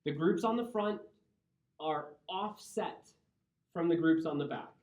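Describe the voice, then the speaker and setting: This chemistry lecture comes from a man with a Midwestern accent whose voice is a little high and a little mellow, moving at a measured pace. He explains step by step and checks in with his class, in a roomy, dull lo-fi classroom recording.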